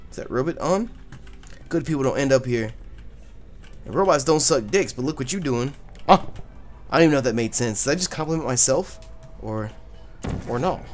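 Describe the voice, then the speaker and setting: A man hosting a let's play, commenting loudly and profanely, often yelling at the game. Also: mid-range voice, normal speed, long pauses, faint music behind. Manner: loud, profane, excitable, yells at the game. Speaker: gaming channel host.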